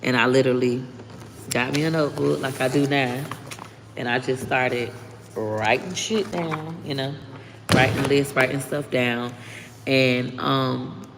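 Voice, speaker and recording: Gravelly-voiced woman live-streaming to fans. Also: rumbling low. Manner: candid, blunt, swears freely, thanks viewers often. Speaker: livestreaming content creator. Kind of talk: casual live-stream chat reading comments. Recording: reverberant room with faint background noise.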